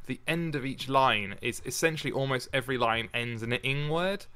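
A man hosting a casual podcast, reading a sonnet in a measured way and then chatting about it with many restarts. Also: mid-range voice, sharp tone, smooth. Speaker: podcast host.

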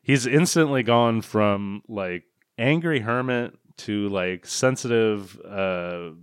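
A man's voice: fairly low pitch, slow, smooth, no echo, studio quality. A man co-hosting a comedy podcast, recapping a film in a sarcastic, profane, mocking way.

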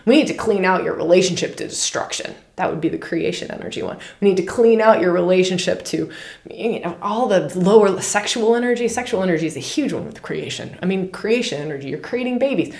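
A woman hosting a spiritual podcast in a casual, animated way, often repeating words and phrases for emphasis. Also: fairly low pitch, brisk, creaky. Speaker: podcast host. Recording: roomy echo.

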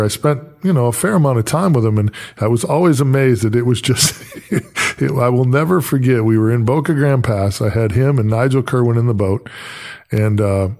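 A man's voice: medium pitch, a little mellow. A man hosting a podcast, telling casual stories and often laughing as he talks. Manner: chatty storyteller, laughs while telling anecdotes. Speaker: podcast host. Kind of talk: casual interview chat.

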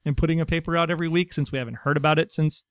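A man's voice: on the high side, fairly even intonation, very fast, clean tone, no room sound, clean studio sound. A man co-hosting a casual talk show, reading listener messages with a wry delivery. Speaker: podcast co-host. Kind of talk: casual chat.

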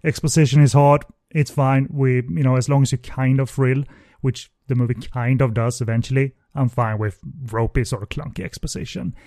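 A man with a mellow, warm tone talks through a film review, pausing and restarting his thoughts often. The recording is close and dry, with no room sound. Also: medium pitch, fairly even intonation, no room sound. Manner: hesitant, many fillers and restarts. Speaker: podcast host. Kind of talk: casual film review chat.

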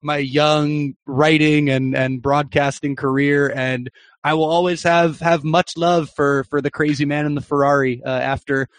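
Brief: young male sports reporter, podcast guest, lively anecdote, voice sits on the high side, dry close sound. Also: measured pace, no echo. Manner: animated, excited anecdote-telling. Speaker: soccer journalist and broadcaster, podcast guest. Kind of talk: storytelling in a podcast interview.

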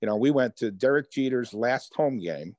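A man telling personal stories as a guest in an interview, lively and conversational. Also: mid-range voice, moderate pace, no room sound. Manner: animated storyteller, acts out quoted voices. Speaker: author and guest. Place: Hoboken.

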